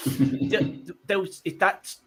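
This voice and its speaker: A man's voice: high voice, extremely slow, sharp tone. A man hosting a comedy panel show, telling rambling self-deprecating stories full of stammered restarts.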